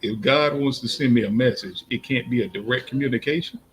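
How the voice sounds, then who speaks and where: A man's voice: medium pitch, a little fast, a little hiss or hum, low-quality recording. A man co-hosting a podcast in casual chat, skeptical and questioning. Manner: skeptical, questioning, laid-back. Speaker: podcast co-host.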